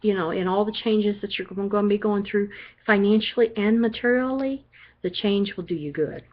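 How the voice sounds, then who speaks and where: A woman's voice: mid-range voice, normal speed. An older woman doing a chatty, reassuring psychic card reading, often checking in with "okay?". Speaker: psychic reader. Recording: dull lo-fi recording.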